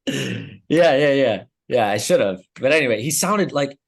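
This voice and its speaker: A man's voice: mid-range voice, lively intonation, a little slow, vocal fry, breathy edge. A young man on a podcast, telling a story casually, rambling with lots of fillers and swearing. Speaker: podcast co-host. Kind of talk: casual chat.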